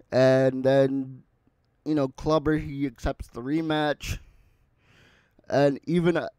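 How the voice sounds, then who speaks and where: A man's voice: mid-range voice, darkish tone, clean tone, dry recording. A man casually reviewing a movie, retelling scenes and quoting the characters in his own voice.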